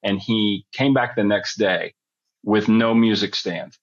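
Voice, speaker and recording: Middle-aged guy, deepish voice, rambly storyteller, kinda muffled dull recording. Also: fairly even intonation, takes it slowly. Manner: rambling, chatty storyteller who backtracks. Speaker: guest. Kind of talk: storytelling in a podcast interview.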